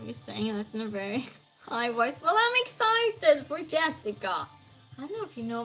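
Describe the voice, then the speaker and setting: A woman's voice: on the high side, pushed and bright. A woman hosting a live trivia stream, reading questions aloud and chatting with viewers.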